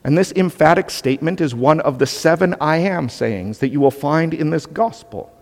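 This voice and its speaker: A male pastor delivers a sermon with emphatic, conversational energy, breaking into asides to his listeners. His voice sits a little high for a man. The sound carries the long reverb of a church sanctuary. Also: lively intonation, normal speed, a little mellow.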